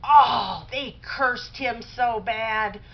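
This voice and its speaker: A woman voicing an excited young woman who gushes about a concert in breathless exclamations. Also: on the high side, takes it slowly, highs cut off. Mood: gushing.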